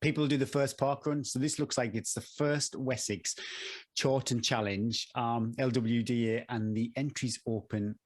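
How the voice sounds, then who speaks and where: A man co-hosts a running podcast, reading out event details and cracking jokes he laughs at himself. His voice sits at a middle pitch. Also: steady tone, normal speed. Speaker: podcast co-host. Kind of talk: casual chat.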